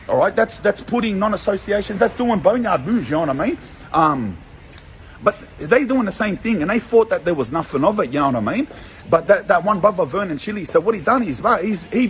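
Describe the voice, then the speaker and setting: A man's voice: sits high, a little hiss or hum, poor audio. A young Australian man, a former prisoner, telling stories in a blunt, profane, rambling way full of slang. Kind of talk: casual monologue.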